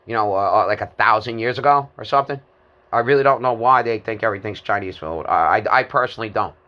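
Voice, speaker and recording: A man's voice: lowish voice, fast talker, lo-fi sound. A man in his fifties giving a rambling, disjointed monologue, hesitant, with many fillers and repeated words. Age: 50s.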